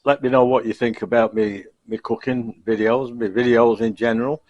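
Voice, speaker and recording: A man's voice: medium pitch, gravelly, a little mellow, dry recording, highs cut off. Middle-aged guy signing off his cooking vlog at home, chuckly and self-deprecating, lots of uhs, dry close sound. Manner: self-deprecating, chuckling, halting with many fillers. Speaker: cooking vlogger. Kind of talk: casual rambling sign-off to camera. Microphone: camcorder.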